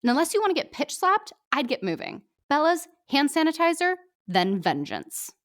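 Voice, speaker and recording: A woman's voice: high voice, sing-song, normal speed, fairly bright tone, voice pushed up. A woman voicing a snooty, bossy young female choir co-captain who gives snippy, commanding orders.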